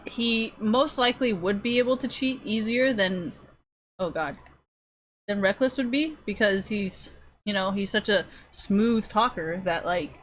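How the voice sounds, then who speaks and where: A woman's voice: medium pitch, measured pace, a bit bright, a little hiss or hum. Rambling, swearing woman streamer. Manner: rambling, profane, frequent fillers. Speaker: streamer chatting with viewers. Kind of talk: casual chat.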